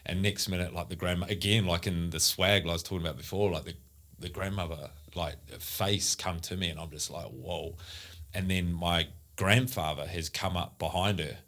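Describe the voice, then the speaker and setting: A man with a very deep voice talks casually on a podcast. His story wanders, broken up by restarts, fillers and blunt swearing. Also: steady tone, a little fast, fairly bright tone.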